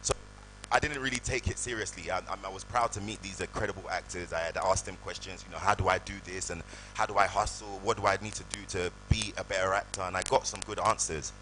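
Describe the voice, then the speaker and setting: A man, telling animated stories on stage at a live event. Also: low-pitched, fast talker, slight background noise, low-quality recording. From United Kingdom. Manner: animated, acts out voices in anecdotes. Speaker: guest actor. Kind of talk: storytelling on stage. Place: live event hall with audience.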